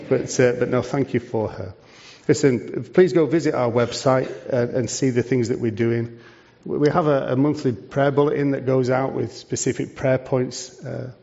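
A man's voice: mid-range voice, creaky, warm tone. A man, a charity leader giving a preaching talk to a church, conversational and full of rhetorical questions. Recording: dull lo-fi sound.

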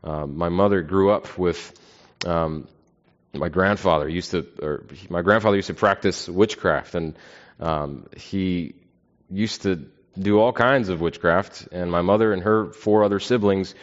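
A man preaching an earnest, measured sermon, often pausing with fillers. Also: sits low. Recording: dull, lo-fi sound.

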